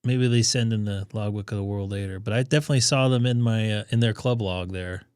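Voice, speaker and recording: A man's voice: lowish voice, fast talker, darkish tone, clean tone, no echo, clean studio sound. A man losing his voice, chatting casually as he hosts a ham radio live stream and thinks aloud. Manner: rambling, thinking aloud with fillers.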